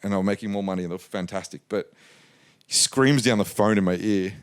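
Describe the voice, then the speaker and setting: A man in his forties from Australia, a business guest telling lively anecdotes in a casual interview and acting out quoted lines. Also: fairly low pitch, fast talker, clean tone. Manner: animated anecdotal, acts out quotes.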